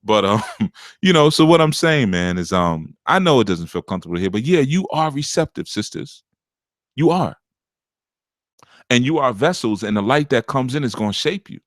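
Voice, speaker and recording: A man with a deep, rough, gravelly voice and a slight scratchiness up top, giving relationship advice as a spiritual teacher in a blunt, punchy, unscripted monologue. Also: very animated, normal speed, dry recording, studio quality. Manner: punchy, forceful, lecturing.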